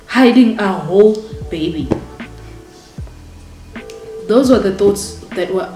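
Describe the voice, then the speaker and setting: A woman's voice: medium pitch, slow pace. Indignant woman vlogger. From South Africa. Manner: animated, indignant, addresses viewers directly. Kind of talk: storytime vlog. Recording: echoey room with faint music.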